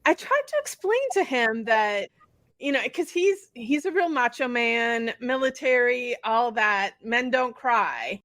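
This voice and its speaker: A woman's voice: a little high, expressive, measured pace, fairly bright tone, dry recording. Earnest woman on a dry mic. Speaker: podcast co-host and bodyworker. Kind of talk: casual chat.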